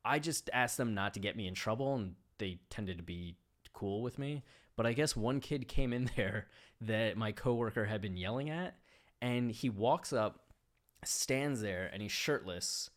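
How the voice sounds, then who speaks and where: Male host, fairly low voice, casual book-talk monologue, lively anecdotes with frequent laughs. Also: a little slow. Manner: animated storyteller, laughs often mid-sentence.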